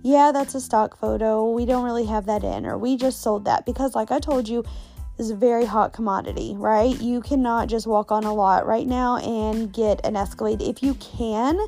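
A woman hosting a podcast, telling a personal story in a candid, animated way and swearing freely. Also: fairly high pitch, moderate pace, faint music behind. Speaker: podcast host. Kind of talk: casual storytelling monologue.

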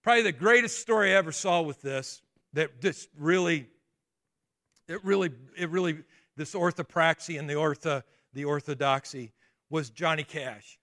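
A pastor preaching a sermon, talking in an emphatic, conversational way and throwing rhetorical questions at the congregation. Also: male voice, on the high side, moderate pace, sharp tone. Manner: conversational asides and restarts.

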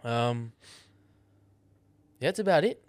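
A young Australian man co-hosting a podcast, telling animated stories full of swearing in casual chat. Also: medium pitch, takes it slowly, no room sound. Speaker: podcast co-host.

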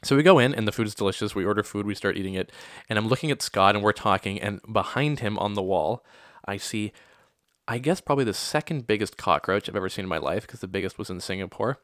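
A young adult man hosting a podcast, telling stories casually with lively acted-out quotes. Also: fairly low pitch, fast talker, no room sound, clean studio sound. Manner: animated, lots of acted-out quotes and laughter. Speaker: podcast host. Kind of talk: casual storytelling monologue.

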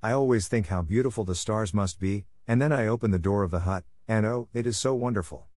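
A man voicing a timid, homesick little girl who speaks softly. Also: on the low side, fairly quick, no room sound, clean studio sound, natural voice. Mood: wistful. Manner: soft, timid.

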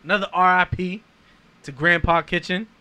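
A man's voice: high-pitched, fairly even intonation, moderate pace, bright, forceful tone, smooth. A man in a casual chat with friends who laughs often and teases.

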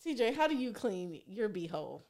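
Lively teasing young woman. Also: medium pitch, brisk, a little hiss or hum. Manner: teasing, probing questions, frequent laughter. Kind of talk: casual crude banter.

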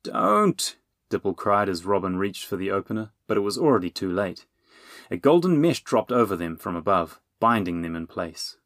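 A man reading an audiobook in measured, scripted narration. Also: low voice, dry recording, clean studio sound. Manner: measured storytelling.

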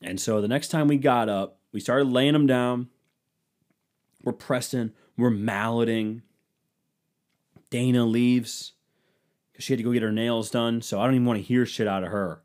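A man telling a crude, animated comic story about laying a floor, acting out his friends' lines in low mumbles. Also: normal speed, long pauses. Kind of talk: profane comedic storytelling.

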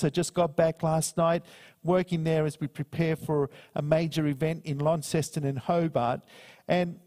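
Preacher in a reverberant hall. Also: male voice, fairly high pitch, a little mellow. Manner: earnest, slows down to read scripture. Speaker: minister. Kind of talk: sermon with personal story.

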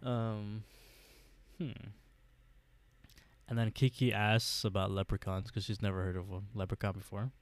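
A man co-hosting a podcast, recapping a TV episode in a casual, halting way with lots of fillers and restarts. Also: lowish voice, little pitch movement, no echo. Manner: hesitant, many fillers, laughs often. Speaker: podcast co-host.

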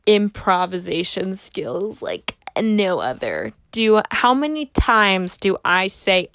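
A woman's voice: medium pitch, expressive, takes it slowly, fairly bright tone, dry recording, studio quality. A young adult woman hosting a casual solo podcast, rambling and joking at her own expense. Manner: rambling, self-mocking humor. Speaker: podcast host.

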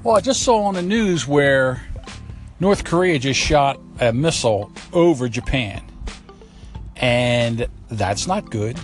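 A man's voice: medium pitch, lively intonation, slow, faint music behind. A man hosting a talk show, delivering a blunt, profane, opinionated monologue with a ranting manner. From United States. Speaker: commentary show host.

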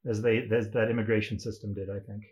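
A man's voice: fairly low pitch, little pitch movement, fast talker, a little mellow, muffled recording. A young man telling a wild story in a casual chat as a podcast guest, swearing freely and laughing often.

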